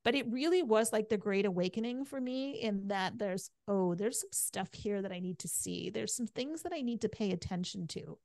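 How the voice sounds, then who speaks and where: A woman's voice: mid-range voice, normal speed, vocal fry, few pauses, darkish tone, dry recording, clean studio sound. A middle-aged woman guesting on a podcast, telling her story candidly and chattily, with "like" and "right?" in nearly every sentence.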